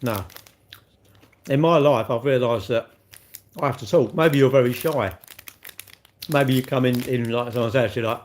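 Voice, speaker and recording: A man's voice: mid-range voice, normal speed, long pauses, slight background noise. An older man, chatting casually on a live stream, blunt and teasing as he answers comments. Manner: blunt, teasing banter with chat. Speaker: livestreamer.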